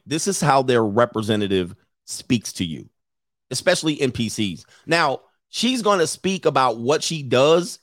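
A man streaming, reacting to a clip with loud laughing commentary and mocking quoted voices. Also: medium pitch, no room sound, clean studio sound.

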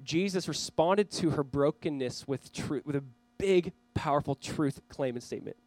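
A pastor delivers a sermon in an earnest, urging way, his voice sitting a little high for a man. The sound is dry and close, with almost no room echo. He talks straight to the camera for viewers at home. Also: moderate pace, darkish tone. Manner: earnest, urging the listeners directly. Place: church, speaking to a camera for online viewers.

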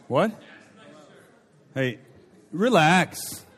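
Joking young preacher in echoing chapel. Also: male voice, expressive, drawn-out words, fairly bright tone, slightly rough. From Minnesota. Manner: joking, high-energy, audience banter. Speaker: chapel speaker. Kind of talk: comic sermon opener. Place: large chapel hall. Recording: long hall reverb.

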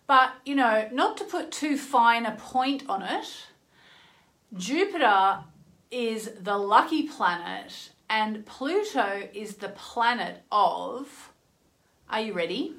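A woman's voice: fairly high pitch, lively intonation, takes it slowly, a bit bright. A woman chatting earnestly into her phone as the host of an astrology livestream, with many "you know" asides. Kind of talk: casual livestream chat.

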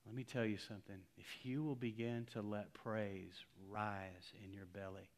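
A middle-aged man preaching a sermon, telling a story and swinging between loud exclamations and hushed, near-whispered lines. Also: fairly low pitch, fairly even intonation, normal speed. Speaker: pastor.

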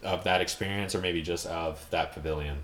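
Deep-voiced rambling man in an echoey room. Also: fairly even intonation, fairly quick, a bit bright. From Ontario, Canada. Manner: rambling, searches for words, lots of fillers. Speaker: podcast host. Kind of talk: casual podcast chat.

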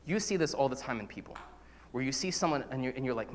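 A man's voice: mid-range voice, animated, fast talker, big-room sound, slight background noise. A man, a priest, preaching an earnest, conversational sermon, full of repetitions and everyday examples.

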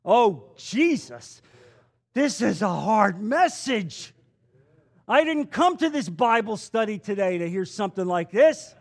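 A man's voice: high voice, sing-song, slow, heavily acted. A man voicing a disappointed male churchgoer who complains in a self-pitying way. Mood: grumbling.

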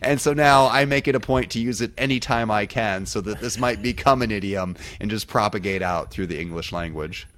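A man's voice: lowish voice, brisk, hardly any pauses, fairly bright tone. A man co-hosting a podcast, bantering casually and laughing easily. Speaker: podcast co-host.

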